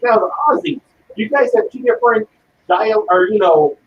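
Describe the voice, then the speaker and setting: A man's voice: high-pitched, animated, moderate pace, a little hiss or hum. A man chatting casually with curious, questioning upward lilts. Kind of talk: casual chat. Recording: distant, echoey, dull mic.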